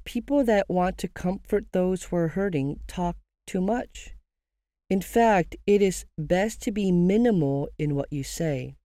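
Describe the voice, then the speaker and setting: A podcast host talks through grief advice in a calm, measured counselling tone and slows down on key phrases. The voice is warm and mellow, and it is recorded close and dry with no room sound. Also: mid-range voice, dry recording. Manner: asks listeners rhetorical questions. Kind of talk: scripted podcast monologue giving grief advice.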